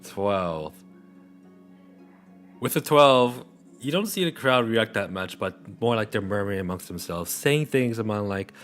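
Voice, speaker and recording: Slow, low-voiced male game master. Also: faint music behind. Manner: relaxed, unhurried describing. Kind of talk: narrating a tabletop game.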